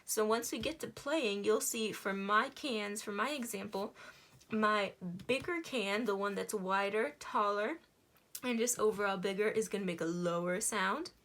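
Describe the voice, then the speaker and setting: A woman's voice: mid-range voice, unhurried, fairly bright tone. A woman teaching a virtual music lesson to elementary school children, explaining simply and encouragingly.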